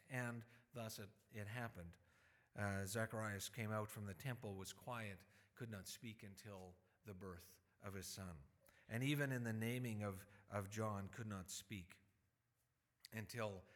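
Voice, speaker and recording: A male pastor preaching a sermon in a relaxed, conversational way, with fillers and restarts, sometimes acting out quotes. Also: fairly low pitch. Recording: long hall reverb.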